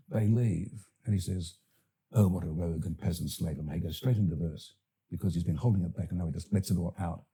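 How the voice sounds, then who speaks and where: An older Australian man, an actor and director, talking as a podcast guest in a thoughtful, halting way with many fillers and restarts. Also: lowish voice, warm tone, husky. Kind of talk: podcast interview.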